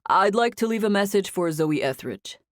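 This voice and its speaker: A woman's voice: animated, a little fast, no room sound, studio quality, lightly acted. A woman voicing an earnest, restrained young man in an audiobook, speaking in a matter-of-fact way. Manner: low, matter-of-fact, understated. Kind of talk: audiobook character voice.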